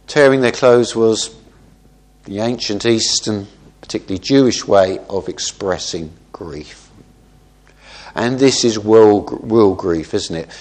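A man's voice: lowish voice, slow, a little mellow. Man teaching a sermon in a chatty way. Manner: conversational, frequent "isn't it?" tag questions; thoughtful with small self-corrections. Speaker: preacher. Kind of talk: expository Bible teaching.

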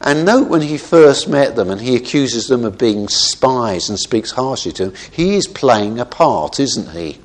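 A very animated man of medium pitch talks a little slowly yet with hardly any pauses, explaining a Bible passage. He speaks conversationally, often tacking on "isn't it?", and thoughtfully fixes the occasional word halfway through.

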